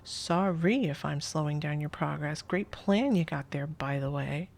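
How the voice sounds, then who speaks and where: A woman voicing a high-strung, injured male logger who talks in a sharp, exasperated, sarcastic way. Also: measured pace, vocal fry, exaggerated voice.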